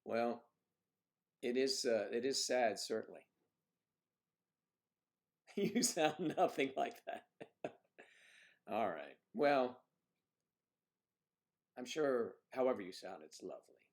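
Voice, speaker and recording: A man's voice: mid-range voice, animated, takes it slowly, long pauses. A man hosting a livestream, chatting casually and rambling as he reads out viewer comments. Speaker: livestream host.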